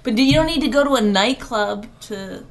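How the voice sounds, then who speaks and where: A woman's voice: a little high, expressive, fairly quick. A middle-aged woman co-hosting a casual podcast at home, talking bluntly and swearing freely. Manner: blunt, profane, ranting. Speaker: podcast co-host, comedian. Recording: faint background noise.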